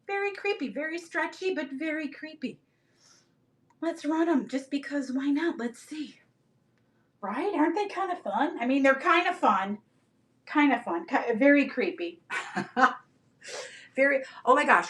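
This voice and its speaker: A middle-aged woman with a high, bright-toned voice hosts a live selling stream. She rambles happily through stories and calls out to viewers by name as she shows each item. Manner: animated, rambling storyteller who talks to viewers by name. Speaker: live-stream reseller host.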